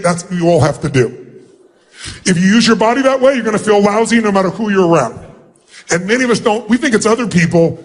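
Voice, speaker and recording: High-voiced man commanding a huge crowd. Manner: commanding, energetic, calling out to the crowd. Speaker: seminar speaker leading an audience exercise. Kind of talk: live motivational seminar. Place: large event hall with thousands of people.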